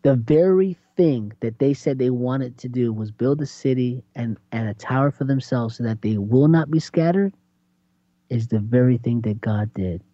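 A man co-hosting a faith talk, preaching in an animated, conversational way and acting out quotes. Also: mid-range voice, normal speed, no room sound. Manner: animated, laughs often, acts out quotes. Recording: dry, slightly dull lo-fi sound.

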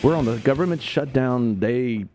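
A man's voice: medium pitch, moderate pace, over loud music. A man hosting a Christian talk radio show, speaking in a preacherly way that rises to emphatic peaks.

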